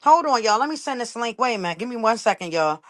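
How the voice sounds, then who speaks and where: A woman's voice: fairly high pitch, expressive, fast talker. A woman talking on a casual livestream. She is emphatic and indignant, repeats her points and keeps calling out to "y'all".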